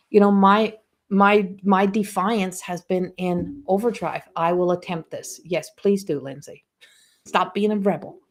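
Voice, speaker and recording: A woman spiritual coach giving a casual live-stream talk, telling personal stories in a rambling way with frequent restarts. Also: lowish voice.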